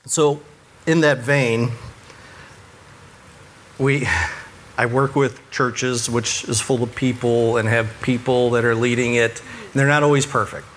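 A man's voice: mid-range voice, steady tone, measured pace, fairly bright tone, slight background noise. A man who works with churches, giving earnest, conversational faith advice and chuckling at himself now and then. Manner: earnest, self-deprecating, chuckles at his own stories. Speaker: church ministry worker.

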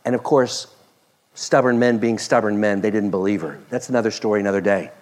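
A man preaching a sermon, expressive, moving between loud emphasis and soft, hushed passages. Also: on the low side, brisk. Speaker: pastor.

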